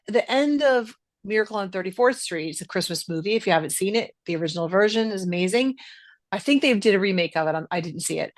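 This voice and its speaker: Leaning into certain words for emphasis, a middle-aged woman hosts a relaxed podcast chat. Her voice sits in the mid range, and the close-miked recording is dry.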